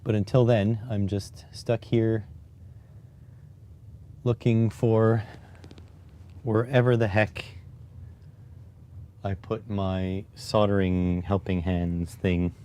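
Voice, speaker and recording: A man's voice: lowish voice, little pitch movement, slow pace, long pauses, dark tone, highs cut off. A man chatting casually on a live stream while he builds electronics, rambling and joking at his own expense. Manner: rambling, joking, self-deprecating.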